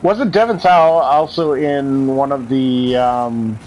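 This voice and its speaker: A man's voice: mid-range voice, takes it slowly, darkish tone, a little hiss or hum, low-quality recording. A man co-hosting a casual gaming stream, chatty and sarcastic, laughing often. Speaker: podcast co-host.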